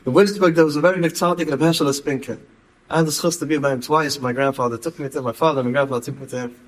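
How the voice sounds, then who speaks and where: A man's voice: a little high, fairly even intonation, rapid-fire, poor audio. A man, telling stories in a talk and repeating words for emphasis. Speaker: speaker. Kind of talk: storytelling talk.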